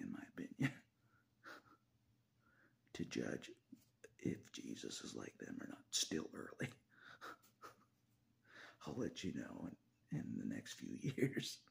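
Male vlogger: very low, gravelly voice, wildly swinging pitch, frequent laughs and whispered asides. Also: a little mellow. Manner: laughs often between phrases, swears, drops into whispers. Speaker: video blogger. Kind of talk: casual confessional monologue.

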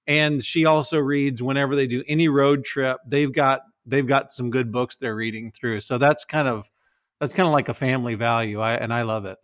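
Middle-aged male podcast host, relaxed conversational delivery. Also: mid-range voice, normal speed, no echo, clean studio sound. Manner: easygoing, storytelling. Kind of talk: casual chat.

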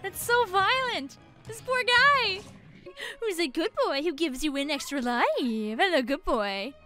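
A woman giving casual let's-play commentary in a very high, lively voice that leaps up and down. She talks at an unhurried pace, excitable and giggly, and coos at cute things on screen. Faint game music plays underneath. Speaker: gaming streamer.

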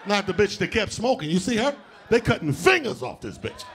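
A man doing a live stand-up set, loud and animated, shouting out punchlines and acting out other people's voices. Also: high-pitched, fairly quick, slight background noise. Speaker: stand-up comedian. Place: theater stage before a live audience.

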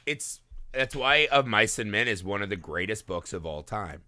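A man co-hosting a film podcast, talking casually and profanely, slipping into quick character voices. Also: lowish voice, lively intonation, bright, forceful tone, no room sound. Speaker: podcast co-host.

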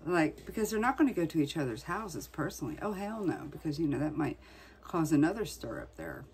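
A woman's voice: sits low, big pitch swings, brisk, darkish tone, a little hiss or hum. A woman vlogger chatting casually, venting in a blunt, profane way. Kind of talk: casual chat.

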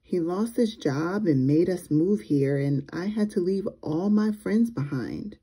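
A sullen young boy who has run out of anger and just sounds tired, as a woman reading the story puts him on. The voice is slow and mellow, with a soft, breathy quality. He speaks in a weary, sighing way. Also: lowish voice, lively intonation, heavily acted.

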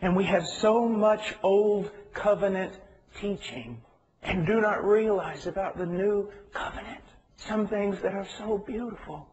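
A man's voice: high voice, measured pace, darkish tone. A man preaching a sermon in an earnest, repetitive way. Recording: dull lo-fi recording.

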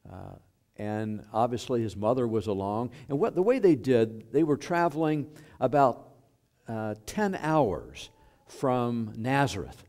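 A man preaching a sermon as pastor, unhurried and filling pauses with small hesitations. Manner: unhurried and lively in pitch, with fillers. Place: church sanctuary.

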